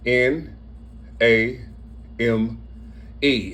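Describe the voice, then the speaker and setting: A man's voice: medium pitch, normal speed. Rambling, profane man repeating himself. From Cincinnati, Ohio. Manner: repetitive, digressive, profane, often laughing. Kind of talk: rambling personal monologue.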